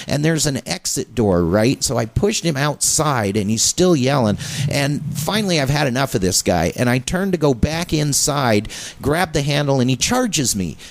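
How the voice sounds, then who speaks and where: A middle-aged man, a comedian, telling a long story casually on a radio talk show, getting animated as it builds. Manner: animated anecdote-telling, pitch jumps when excited.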